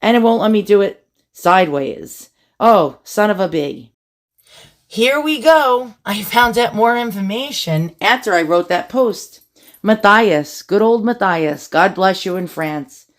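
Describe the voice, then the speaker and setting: A woman's voice: medium pitch, expressive, unhurried. Chatty woman reading family war records. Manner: chatty, asides and jokes while reading records. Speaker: family history video host. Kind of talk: casual documentary narration.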